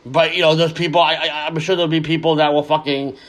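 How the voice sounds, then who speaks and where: A man's voice: on the high side, flat delivery, fast talker. A man in an angry, heavily profane solo rant. He is sarcastic and keeps repeating words as he restarts his sentences.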